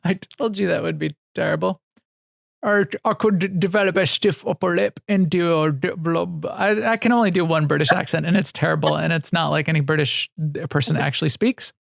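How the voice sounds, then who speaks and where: A man's voice: on the high side, steady tone, fairly quick, gravelly, fairly bright tone, no room sound, clean studio sound. A man co-hosting a video game podcast, chatting casually in a rambling, self-deprecating way with lots of restarts. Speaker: podcast co-host. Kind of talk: casual chat about video games.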